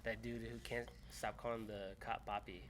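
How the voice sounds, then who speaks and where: Laid-back man from Ohio, halting. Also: on the low side, little pitch movement, crowd noise. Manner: laid-back, halting, lots of filler words. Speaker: podcast guest. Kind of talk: casual chat.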